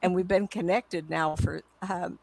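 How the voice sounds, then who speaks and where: A woman in her seventies, a psychic medium, telling stories to an audience in an excitable, chatty way with frequent laughs. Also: lowish voice, measured pace, gravelly, no echo. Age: 70s. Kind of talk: storytelling talk to an audience.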